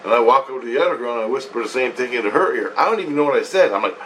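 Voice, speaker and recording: A man's voice: mid-range voice, very fast, fairly bright tone, far from the mic, a little hiss or hum, low-quality recording. A man telling a long dream story in a meandering, profane way, repeating himself as he goes. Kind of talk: rambling first-person dream account.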